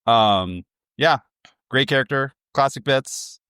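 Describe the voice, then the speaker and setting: A man's voice: mid-range voice, takes it slowly, a bit bright, clear, resonant tone, dry recording, clean studio sound. A man co-hosting a casual podcast chat, easygoing and prone to small chuckles between points. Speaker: guest co-host.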